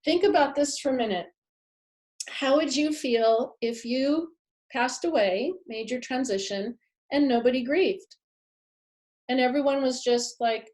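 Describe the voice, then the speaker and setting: A woman with a fairly high voice teaches a live masterclass, speaking earnestly to her audience. She leans hard on key phrases and repeats them for emphasis. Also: measured pace, a little mellow. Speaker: pet afterlife speaker.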